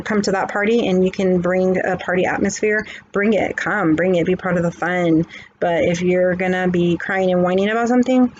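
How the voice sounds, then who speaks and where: A woman's voice: mid-range voice, a little mellow. Woman spiritual reader, preachy and chatty, dull lo-fi mic with faint hiss. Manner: preachy pep talk, repeating "okay". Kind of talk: casual chat.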